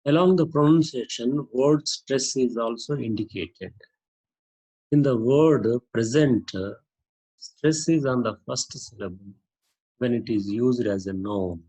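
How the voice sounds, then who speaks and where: A man teaching a lesson on using a dictionary, explaining slowly with many repetitions and "uh" fillers. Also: mid-range voice, dark tone, breathy edge, rough recording. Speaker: English teacher.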